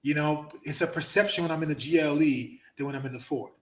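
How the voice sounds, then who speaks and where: A man hosting a casual podcast chat, an animated storyteller who swears freely and laughs often. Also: a little high, fast, reverberant. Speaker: podcast host, former wrestler.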